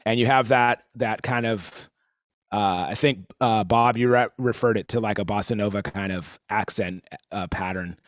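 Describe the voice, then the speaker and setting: A man's voice: fairly low pitch, moderate pace, dry recording. A man giving a casual live-streamed drum lesson, rambling and easygoing, with lots of fillers. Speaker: drum teacher.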